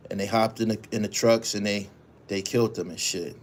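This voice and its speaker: A man's voice: lowish voice, steady tone, fairly quick, a little hiss or hum. A man hosting his own show, reading news stories aloud and then giving casual, profane commentary while answering viewers' chat. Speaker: show host.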